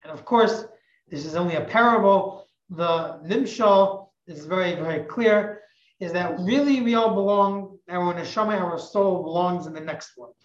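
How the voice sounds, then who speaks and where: A woman teacher telling a religious parable in an animated, emphatic way, often repeating phrases. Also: lowish voice, normal speed. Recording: echoey, muffled recording.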